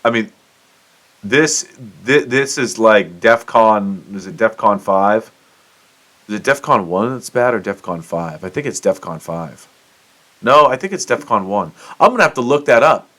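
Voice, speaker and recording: A man's voice: fairly low pitch, lively intonation, unhurried, fairly bright tone. A middle-aged man from the United States hosting his own show, ranting in casual commentary with swearing and self-mocking outbursts. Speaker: podcast host.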